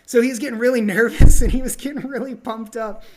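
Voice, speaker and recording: A woman co-hosting a casual film podcast, giggly and quick to slip into silly movie-quote voices. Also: on the high side, steady tone, noisy background. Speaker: podcast co-host.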